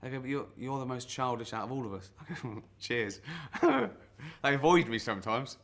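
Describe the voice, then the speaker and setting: Mid-range, very animated and fairly bright at a normal speed, this voice belongs to an actor portraying a deluded middle-aged sales rep in his 40s. In a spoof guitar lesson he plays a would-be teacher, boasting awkwardly with ums and jittery laughs.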